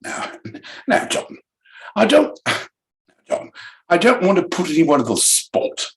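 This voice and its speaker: A man voicing a prim, evasive British gentleman with a British accent, fussy and dramatic. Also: high voice, very animated, takes it slowly, pitched above the performer's own voice, full character voice. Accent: British English.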